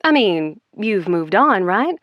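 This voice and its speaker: A woman's voice: mid-range voice, very animated, slow pace, dry recording, highs cut off. A woman voicing a brash, loyal female bartender in an audiobook, blunt and profane. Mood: teasing. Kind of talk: audiobook character voice.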